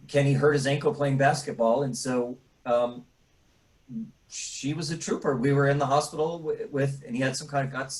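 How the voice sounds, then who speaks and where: Middle-aged guy getting choked up, lots of ums and restarts, halting, average pitch. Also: low-quality recording. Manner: halting, full of fillers and restarts. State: tearful, choked up at times. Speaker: bereaved father. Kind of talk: emotional personal interview.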